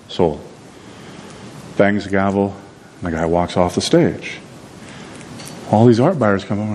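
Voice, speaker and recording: A man preaching a sermon, telling a story in a conversational, animated way with frequent repeated words. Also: lowish voice, brisk. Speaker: pastor.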